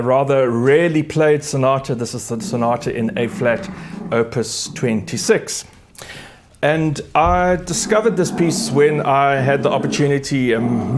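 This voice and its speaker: Middle-aged man, pianist-host; relaxed, chatty between-pieces patter in an ordinary mid-range voice. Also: medium pitch, background noise. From South Africa. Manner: warm, chatty, reminiscing, with gentle restarts. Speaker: concert pianist hosting a live concert. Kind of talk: casual spoken introductions between pieces.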